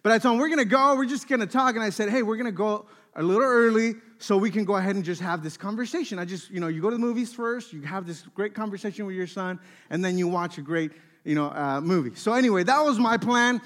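A man in his thirties preaching a sermon, telling family stories with lively acted-out dialogue. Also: sits high, fast talker, hardly any pauses. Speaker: pastor.

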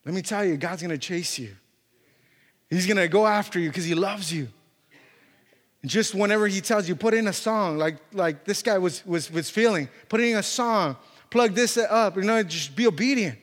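At a normal speed, a pastor with a voice fairly high for a man delivers a sermon, narrating a story filled with fillers and restarts. Long reverb makes the sound ring as in a church hall.

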